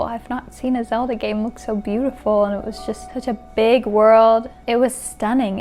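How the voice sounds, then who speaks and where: A woman's voice: on the high side, darkish tone. A woman earnestly looking back on how playing a game moved her. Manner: earnest, reflective. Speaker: player reflecting afterward. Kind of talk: casual recap talk.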